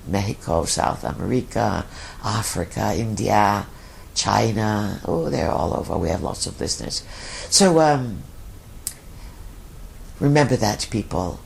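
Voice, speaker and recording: A man's voice: fairly low pitch, vocal fry, a little hiss or hum. A man speaking as a collective voice in a channeling session, using emphatic, repeated lists. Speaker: channeled speaker answering questions.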